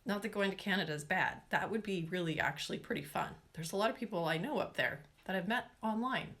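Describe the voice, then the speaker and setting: A woman's voice: mid-range voice, quick pace, a bit bright. A woman from Washington state hosting a casual nail-care livestream, rambling and chatty, often saying "y'all" and reading out viewer names and questions. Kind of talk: casual live-stream chat with viewers.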